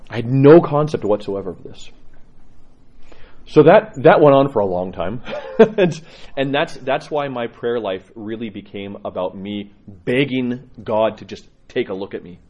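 A middle-aged man, an Orthodox priest, telling candid personal stories with laughs and halting restarts. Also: mid-range voice, animated, darkish tone, husky, muffled recording. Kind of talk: personal storytelling talk.

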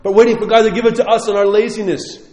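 A man, a priest, giving a sermon with impassioned, conversational preaching that drops suddenly quiet. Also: high voice, level tone, fast. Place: church. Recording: echoey church hall.

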